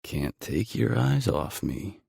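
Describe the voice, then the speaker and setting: A man's voice: sits low, sing-song, takes it slowly, vocal fry, darkish tone, slightly rough, no echo, clean studio sound, voice pushed up, exaggerated voice. A man playing a cocky, teasing hockey player. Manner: confident, teasing. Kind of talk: audiobook character voicing.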